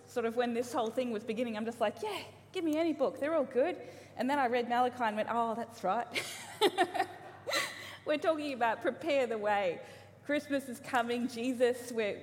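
A woman in her thirties giving a casual, humorous sermon to a church congregation, chatty, with frequent ums and restarts. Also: fairly high pitch. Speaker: preacher. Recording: live church hall reverb, faint ambience.

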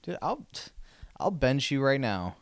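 A man's voice: medium pitch, sing-song, unhurried, dry recording, clean studio sound. A man chatting casually and laid-back, swearing now and then. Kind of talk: casual chat.

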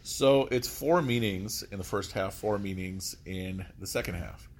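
A man's voice: sits low, unhurried, a little hiss or hum. A male teacher giving a classroom lecture, explaining step by step, often saying "okay" and quizzing his students with questions.

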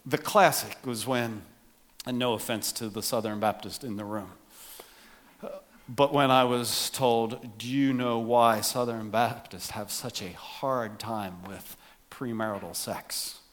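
A man preaching a humorous sermon to his congregation, joking and animated, dropping to quiet asides. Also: medium pitch, slow. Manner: jokey, animated, drops to soft asides. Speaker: pastor.

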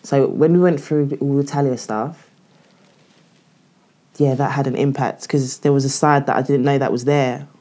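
A woman's voice: a bass voice, steady tone, normal speed, pauses often, dark tone. A woman, speaking candidly in a casual podcast chat, full of "like" as she tells her story. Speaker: guest.

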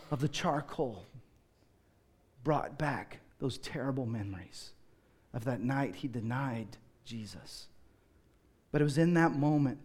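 A man preaching a sermon with earnest conviction. His voice sits slightly above the usual male range. He often slows down and drops to a quiet tone to press a point home. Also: on the high side. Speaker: pastor.

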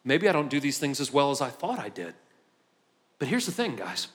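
In a church sanctuary with long hall reverb, a male pastor delivers a conversational sermon that rises from easy talk to impassioned peaks. His medium-pitched voice is sing-song and fairly quick.

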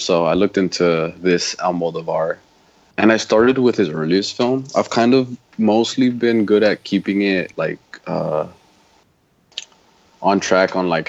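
A man co-hosting a podcast, chatting casually about films in a rambling way with many fillers. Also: sits low. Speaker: podcast co-host. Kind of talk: casual film chat. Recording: dull lo-fi audio.

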